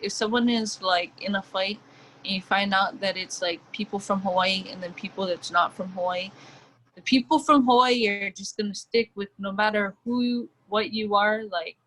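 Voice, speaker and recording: A woman's voice: medium pitch, normal speed, poor audio. Casting note: young adult woman, laid-back guest, faint noise behind her. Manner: relaxed, hesitant, many fillers. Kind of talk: casual chat.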